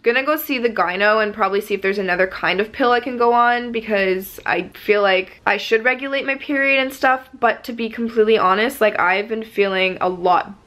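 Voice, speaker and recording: A woman's voice: mid-range voice, brisk, few pauses, a bit bright. A woman in her twenties, vlogging in a casual confessional way, rambling with lots of "like" fillers, earnest and emotional. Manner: earnest and open.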